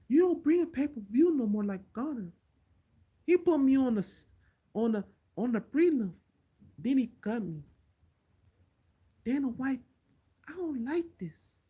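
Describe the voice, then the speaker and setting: A man's voice: very high voice, dark tone, breathy edge, voice pushed up, heavily acted, low-quality recording. A man voicing an impression of an aging male MMA fighter, speaking plaintive, repetitive broken English.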